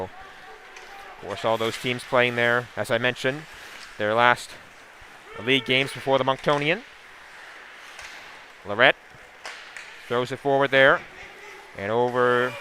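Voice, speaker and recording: A man giving a steady, running play-by-play call of a hockey game, with asides and sponsor plugs. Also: medium pitch, a little hiss or hum. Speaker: play-by-play commentator. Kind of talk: live hockey play-by-play commentary.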